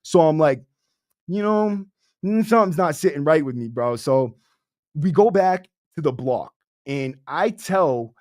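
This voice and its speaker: A young man spins a story in slangy, profane street talk, calling everyone "bro." His voice sits a little high for a man. The sound is dry and close, with no room around it. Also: animated, a little slow, darkish tone, no echo. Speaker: podcast host. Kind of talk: casual storytelling to a livestream audience.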